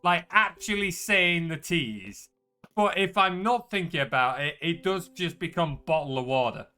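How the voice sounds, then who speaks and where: A man's voice: high-pitched, animated, measured pace, pushed and bright, soft background music. A man hosting a live game stream, chatting casually, laughing often and greeting viewers. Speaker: streamer host.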